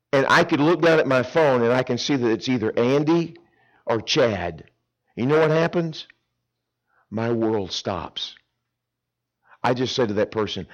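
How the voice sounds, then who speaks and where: Man, middle-aged, pastor preaching, emphatic, loud to hushed, very lively pitch. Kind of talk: sermon.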